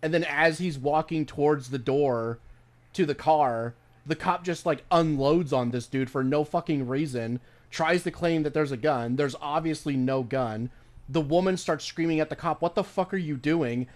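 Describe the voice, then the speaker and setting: A man with a fairly high voice chats while streaming a game. He rambles and swears freely, often stopping and restarting mid-sentence in loose, casual commentary. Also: moderate pace.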